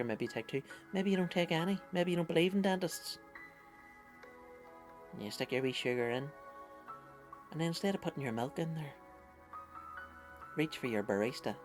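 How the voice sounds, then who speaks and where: A man, putting on a slightly raised, chatty pitchman voice with sweary patter. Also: lightly acted. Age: 30s. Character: cheeky swearing male pitchman, matey and rambling.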